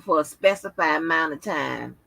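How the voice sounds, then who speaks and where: In a poor-quality recording with no room sound, a tired woman runs a livestream, loosely chatting with viewers, swearing freely and using lots of fillers. She speaks at a moderate pace in a deep, creaky voice with a sharp tone.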